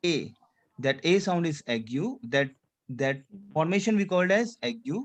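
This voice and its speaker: A man's voice: a little high, very animated, normal speed. Man drilling students in a language class. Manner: repetitive drilling, asks students to repeat; drops French checks like "c'est clair" into English. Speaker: French teacher.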